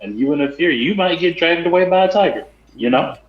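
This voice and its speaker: Deadpan man on a roomy lo-fi mic. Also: fairly high pitch, brisk. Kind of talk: casual chat. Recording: roomy, dull lo-fi sound.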